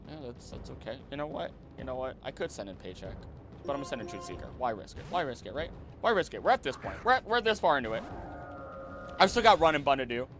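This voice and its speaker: A young man casually commenting on his gameplay while he streams, chatty and animated, with sudden loud outbursts. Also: mid-range voice. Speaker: streamer playing a video game.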